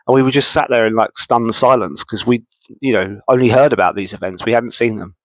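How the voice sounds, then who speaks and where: A man's voice: medium pitch, a little fast, dry recording, rough recording. A man in his thirties reminiscing casually to camera, rambling with many fillers and restarts. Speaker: wrestling video host. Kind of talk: casual nostalgic monologue.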